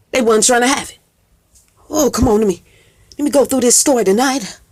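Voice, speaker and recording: A woman's voice: fairly high pitch, brisk, long pauses, darkish tone. A woman telling a story in an emphatic, preacher-like cadence, full of cursing and call-and-response. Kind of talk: profane preacher-style storytelling.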